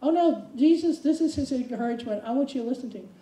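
A woman preaching a sermon, animated, acting out quotes with big swings of voice. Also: sits high, fast talker, echoey room, distant mic, low-quality recording. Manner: animated, dramatic quoting with voice swings.

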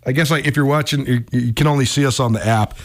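A man in his thirties hosting a sports radio show, telling a story in a lively, self-mocking way with many restarts. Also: mid-range voice, fast.

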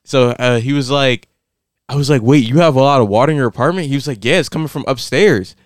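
A young man in casual chat, telling a story with lively quoted voices that jump high. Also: fast talker, no echo, clean studio sound. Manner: animated, acts out quotes with big pitch jumps.

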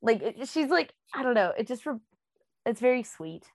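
A woman's voice: fairly high pitch, big pitch swings, normal speed, a little mellow, no echo. A woman co-hosting a podcast, chatting casually about a book, rambling with many fillers. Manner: rambling, full of "um" and "like". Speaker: podcast co-host.

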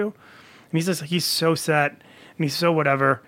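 Man, comedian guest, casual podcast chat, rambling, filler-heavy, slightly high voice. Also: steady tone, bright, forceful tone. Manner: rambling, fast anecdotes with many fillers.

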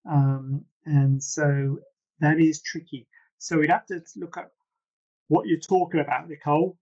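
A man's voice: on the high side, fairly even intonation, a little slow, a little mellow, highs cut off. A man, a plastic surgeon, answering viewer questions in a casual, rambling live Q&A with frequent asides. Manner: chatty, rambling, self-deprecating asides.

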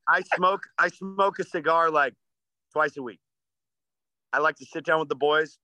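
A man's voice: a little high, normal speed, sharp tone. A man co-hosting a casual podcast, talking in an intense, profane, motivational way.

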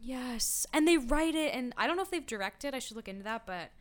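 A young woman in casual podcast chat, rambling and swearing, often dropping into quiet trailing asides. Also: sits high, animated, fairly quick. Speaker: podcast co-host.

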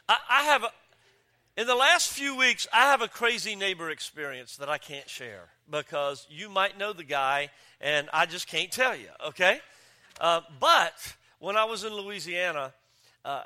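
A man preaching a sermon as pastor, joking and telling stories with lively delivery. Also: high-pitched. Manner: joking, animated storytelling with voices. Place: church campus.

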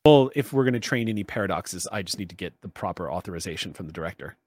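A man's voice: deep voice, expressive, fast, darkish tone, dry recording, pitched below the performer's own voice. A man playing a nervous, polite official. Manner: apologetic, stammering.

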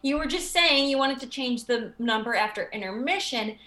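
A woman in her forties in an improvised comedy scene, talking in halting, teary bursts with laughter slipping through her words. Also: high-pitched, lively intonation, pushed and bright, echoey room. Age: 40s.

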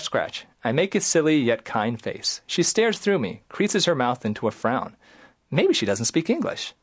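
A young man from Michigan reads his own memoir with a very lively, swinging pitch. He jumps into loud, high voices for the people in the story, then drops back to plain telling. His voice sits in a middle register. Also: normal speed, breathy edge. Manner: animated, jumps into loud high acted lines while reading. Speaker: author and plastic surgeon, guest. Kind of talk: interview, then reading his memoir aloud.

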